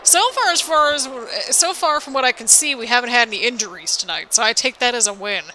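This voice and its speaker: A woman calls the action of a wrestling video game with a bright, sharp tone. She exclaims constantly and frets aloud to her viewers. The delivery is excitable play-by-play with a faint hiss behind it. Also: fairly high pitch, fairly quick, rough recording. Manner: excitable, anxious, exclaims often, addresses viewers as people. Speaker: gaming video host.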